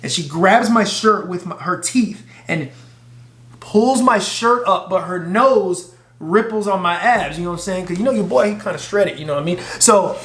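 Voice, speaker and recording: A man casually telling a profane, animated story to his camera. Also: high voice, normal speed, reverberant. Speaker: vlogger.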